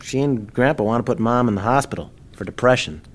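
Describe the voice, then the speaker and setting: An actor playing a worried older sibling speaking gravely and earnestly. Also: male voice, medium pitch, fast, lightly acted.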